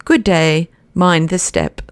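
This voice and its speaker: Brief: a woman putting on a booming, brisk, mockingly polite anarchist president; low and close. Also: expressive, no room sound. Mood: commanding. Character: huge commanding older male anarchist president.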